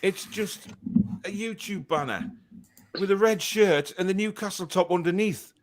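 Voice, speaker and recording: A male host with a slightly high voice runs a casual live stream. He reads out viewer comments and scolds chatters in a jokey, mock-exasperated way. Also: a little slow. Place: home studio chair.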